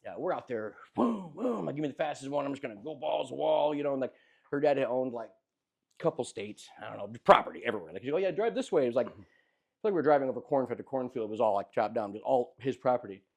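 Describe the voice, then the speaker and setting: Animated young man telling a story. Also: mid-range voice, quick pace, creaky. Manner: animated, laughing, acts out voices. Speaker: podcast host telling a story. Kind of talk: casual storytelling.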